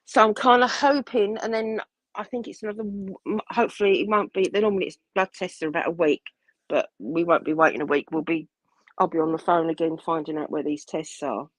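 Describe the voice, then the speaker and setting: A woman's voice: on the low side, fairly even intonation, brisk, no room sound, rough recording. A woman telling a family story in casual chat, rambling and acting out what people said. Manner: rambling, restarts often, acts out quoted dialogue. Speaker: guest telling a personal story.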